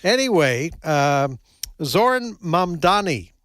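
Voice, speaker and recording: A radio news director with a slightly higher male voice gives the news in a wry, matter-of-fact way. His voice is close and dry in the studio. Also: sing-song, slow, a bit bright, no room sound. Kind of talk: casual talk radio chat.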